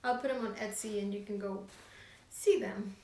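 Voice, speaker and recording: A woman's voice: medium pitch, steady tone, moderate pace, noisy background. A woman co-hosting a casual knitting chat show, talking in a rambling, filler-heavy way. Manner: chatty, rambling, many fillers. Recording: echoey room, distant mic.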